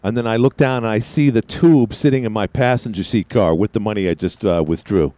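A man's voice: on the low side, a little fast, warm tone, dry recording. A man hosting a radio talk show, telling a rambling, self-mocking story while a little out of breath. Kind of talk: casual radio monologue.

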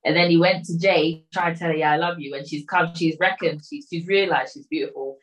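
Chatty woman with a low voice. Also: fairly even intonation, a little fast, poor audio. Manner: rambling retelling with quoted voices and filler. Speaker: storyteller recapping a film. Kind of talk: casual chat.

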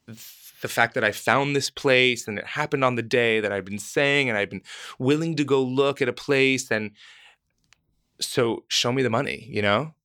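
A man's voice: medium pitch, normal speed, no echo, studio quality. A man casually telling a long personal story, acting out the voices of people in it. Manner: animated, acts out quoted voices.

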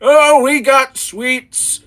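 A man voicing a cranky, half-deaf old male innkeeper who shouts in a high, strained voice. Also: drawn-out words, faint music behind, heavily acted. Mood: loud. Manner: shouting, creaky, cackling.

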